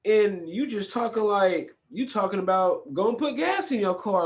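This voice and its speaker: A man from California, hosting a podcast in a casual, profane, animated storytelling style. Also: high-pitched, a little slow, hardly any pauses. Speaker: podcast host. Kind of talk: casual chat.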